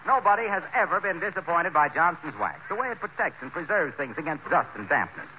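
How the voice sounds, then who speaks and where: A man's voice: fairly high pitch, very animated, fairly quick. A man playing a cheerful former singer turned wax salesman in a 1940s radio comedy, earnest and folksy. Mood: cheery. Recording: old lo-fi radio broadcast with hiss.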